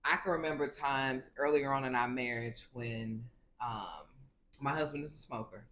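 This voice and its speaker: A woman's voice: extremely low pitch, moderate pace, a bit bright, a little hiss or hum. Earnest woman chatting about marriage. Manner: earnest, reflective, many fillers like "you know". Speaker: podcast co-host. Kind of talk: casual chat.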